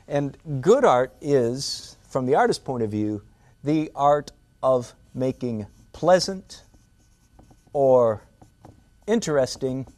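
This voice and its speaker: A man's voice: mid-range voice, darkish tone. Older man teaching drawing, playful. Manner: playful, self-mocking, rhetorical asides. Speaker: art instructor. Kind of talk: drawing lesson demonstration.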